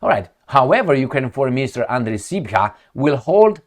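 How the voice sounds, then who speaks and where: A man's voice: mid-range voice, sing-song, fairly quick. A man giving opinionated commentary on news headlines, mocking and emphatic, often repeating himself for effect. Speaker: political commentator.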